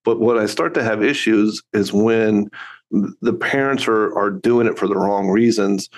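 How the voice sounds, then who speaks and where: A man's voice: lowish voice, measured pace. Earnest middle-aged man telling a story. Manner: earnest, reflective. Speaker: podcast guest, father and coach. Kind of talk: casual conversational storytelling.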